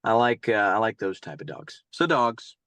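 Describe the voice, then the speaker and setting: His voice is on the low side, a bit bright, and very animated at a moderate pace, captured in a dry recording. The speaker, a middle-aged youth baseball coach from North Carolina, answers interview questions casually with long, rambling stories and frequent repetition.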